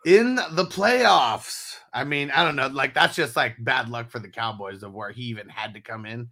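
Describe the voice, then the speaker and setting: A man's voice: mid-range voice, steady tone, fairly quick, bright, forceful tone. A man hosting a casual morning podcast chat, rambling, swearing and laughing often. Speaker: show host.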